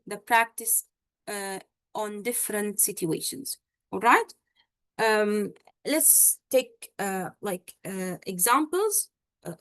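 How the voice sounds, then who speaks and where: High-voiced woman teaching slowly, dry sound. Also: fairly bright tone, no room sound. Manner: explanatory, frequent "okay?" and "all right?" check-ins. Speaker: medical exam tutor. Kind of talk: online teaching session.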